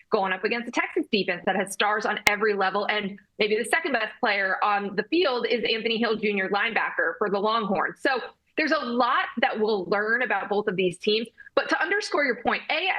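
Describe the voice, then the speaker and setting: A woman sports reporter appearing as a guest, giving energetic analysis with frequent fillers. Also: medium pitch, low-quality recording. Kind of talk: sports talk interview.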